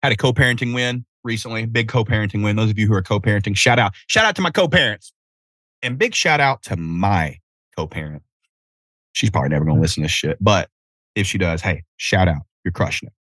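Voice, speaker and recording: A man in his thirties from Tennessee, hosting a casual solo podcast outdoors, telling animated, profane stories. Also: fairly low pitch, fast, no echo. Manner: animated storytelling with cursing and self-interruptions. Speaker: podcast host.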